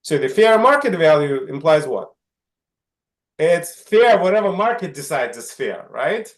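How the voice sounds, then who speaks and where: A man's voice: on the high side, very animated, measured pace. A middle-aged man teaching an online class, asking the students questions and often checking in with "right?". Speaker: instructor.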